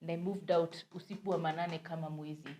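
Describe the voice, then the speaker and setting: A young woman with a Kenyan accent tells a story on a podcast in a lively, animated way. She slips Swahili slang into her English and keeps the chat casual and personal. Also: sits low, brisk, a little hiss or hum. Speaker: podcast co-host.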